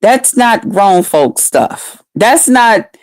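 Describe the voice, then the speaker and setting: A woman's voice: mid-range voice, lively intonation, drawn-out words, dry recording. A woman in her fifties chatting live with her viewers. She laughs often and answers them by name. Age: 50s. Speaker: livestreamer. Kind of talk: casual live chat with viewers.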